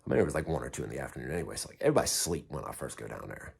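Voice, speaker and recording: A man's voice: extremely low pitch, very animated, very fast, gravelly, a little mellow, husky. A man telling a story in a casual way, blunt and heavily profane, and mocking himself. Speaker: vlogger recounting prison time.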